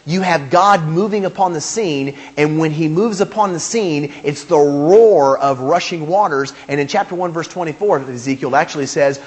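A man's voice: a little high, breathy edge. A man preaching a sermon as pastor, speaking emphatically with repeated phrases and questions to his congregation.

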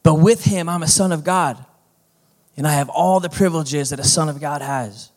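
A man's voice: a little high, moderate pace, darkish tone. A middle-aged male pastor preaching a sermon in a folksy, conversational manner that builds to emphatic points.

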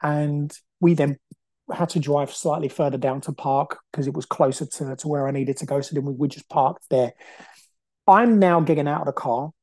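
A man's voice: on the high side, moderate pace, darkish tone, no room sound. A man hosting a podcast, telling a personal story in a rambling way and acting out what people said. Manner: rambling, full of fillers and acted-out quotes. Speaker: podcast host. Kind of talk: casual storytelling monologue.

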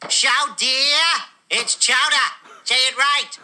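A shrieking cartoon hothead who bellows and sneers in a high, piercing voice. He drags the words out slowly, and the tone stays bright and cutting. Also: steady tone, full character voice. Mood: furious mocking. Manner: yelling, mocking, threatening. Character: shrill furious cartoon man ranting about chowder. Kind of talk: cartoon acting.

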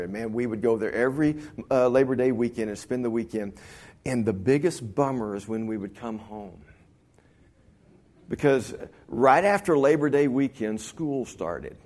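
Man, middle-aged pastor, folksy sermon storytelling, mid-pitched voice. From Texas Panhandle.

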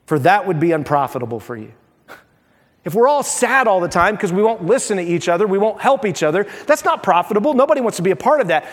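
High-voiced preaching man in a reverberant hall. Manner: animated preaching, acts out quoted voices. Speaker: pastor. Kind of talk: sermon.

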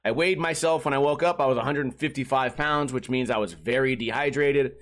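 A young man hosting his solo live-streamed podcast, telling stories in a rambling, animated way with lots of swearing, a bit tired after just waking up. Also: mid-range voice, a little fast. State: a little tired, just woke up. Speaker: podcast host.

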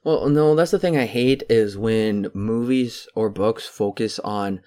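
A man co-hosting a podcast, chatting casually about a movie and mocking scenes with quick put-on voices. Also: lowish voice, darkish tone. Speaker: podcast co-host. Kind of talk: casual movie review chat.

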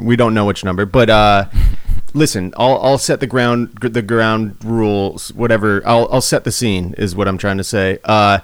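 A man's voice: lowish voice, steady tone, normal speed, clean tone, no room sound. A man hosting a casual comedic podcast chat, rambling with restarts and often laughing. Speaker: podcast host.

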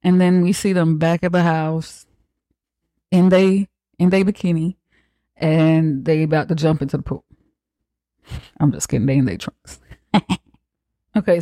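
Mellow and medium-pitched, this podcast host cracks jokes and swears freely while summarizing a film, slipping into brief asides where he acts out what the characters say. The recording has no echo.

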